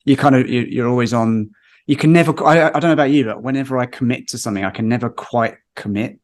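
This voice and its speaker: A man's voice: mid-range voice, fast. A man, a father, chatting as a podcast guest in a friendly, reassuring way. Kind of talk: casual podcast chat.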